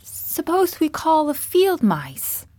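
A woman puts on a hopeful little girl for a storybook, her voice lifted high and bright, earnest in every line. It sits close and dry, with no room around it. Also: huge pitch swings, slow, no room sound, full character voice.

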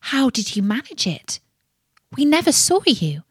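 A woman's voice: sits high, very animated, a little slow, slightly rough, dry recording, studio quality, voice pushed up, full character voice. A woman voicing a proud young princess who asks commanding questions in a storybook reading. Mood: sharp. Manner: imperious, demanding questions.

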